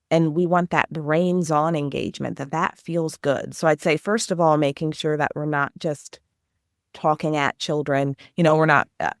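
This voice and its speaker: An education consultant appears as an interview guest, answering questions in a lowish voice with earnest, enthusiastic energy. She explains things at length and acts out bits of classroom dialogue, including teacher questions. The recording is dry and close, with no room sound.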